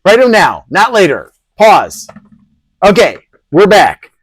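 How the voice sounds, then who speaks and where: A man's voice: high voice, huge pitch swings, slow, slightly rough, no echo. A man hosting a PC hardware review channel, talking casually with rambling, sarcastic asides. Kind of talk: casual product review talk.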